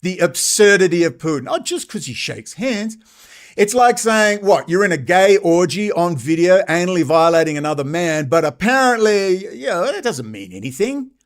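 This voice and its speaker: A man's voice: high-pitched, lively intonation, moderate pace. An Australian man hosting his own channel, ranting angrily in a profane monologue and mocking others in sarcastic put-on voices. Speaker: channel host.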